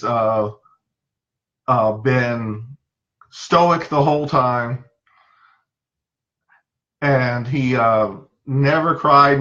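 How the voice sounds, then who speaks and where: Bright-voiced man telling a therapy story. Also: mid-range voice, muffled recording. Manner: anecdotal, acts out quoted voices, many fillers. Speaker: psychologist. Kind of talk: casual storytelling talk.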